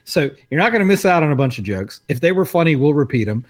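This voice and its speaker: A man's voice: a little high, very animated, fast. A man co-hosting a casual podcast, easygoing and a little hesitant, with frequent fillers. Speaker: podcast co-host.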